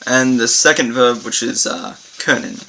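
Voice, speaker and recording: A man teaching a language lesson on video, halting with many fillers and repeating example sentences slowly. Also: medium pitch, bright, forceful tone, rough recording. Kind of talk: informal recorded lesson.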